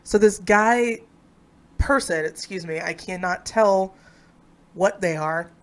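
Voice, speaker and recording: A woman's voice: on the low side, takes it slowly. A young woman co-hosting a live stream in casual chat, playful and laughing often.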